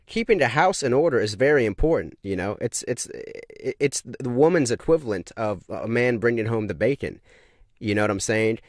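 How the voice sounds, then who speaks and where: A man's voice: mid-range voice, dry recording, studio quality. A man delivering a casual monologue full of emphatic, repeated rhetorical questions. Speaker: online commentator.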